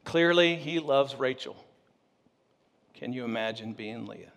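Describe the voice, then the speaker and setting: A pastor telling a story in a humorous sermon, animated and joking with his audience. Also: mid-range voice, a little slow, in a large hall.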